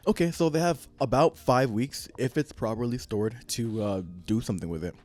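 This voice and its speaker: A man's voice: mid-range voice, moderate pace, a little mellow. A young man co-hosting a podcast in casual chat, playfully spinning ideas aloud. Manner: playful, spins schemes aloud. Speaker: podcast co-host.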